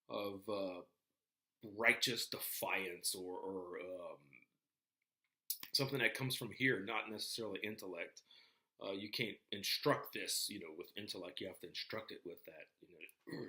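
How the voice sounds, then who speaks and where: A man's voice: lowish voice, pushed and bright. A man giving a casual talk to a class, rambling with many fillers and restarts. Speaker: lecturer. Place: classroom with a board.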